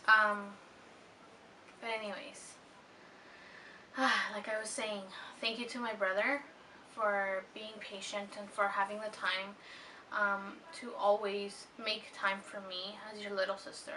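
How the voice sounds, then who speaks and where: A woman in her twenties speaking in a heartfelt personal vlog, earnest and tender, pausing often with ums. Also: medium pitch, flat delivery, sharp tone. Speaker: vlogger. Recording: slightly distant mic with faint hiss.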